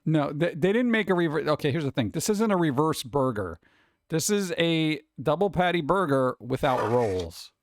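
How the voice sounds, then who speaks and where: Excitable male host, slightly high voice, rambling exclamatory reactions, dead-dry mic. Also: moderate pace, no echo. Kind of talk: casual reaction commentary.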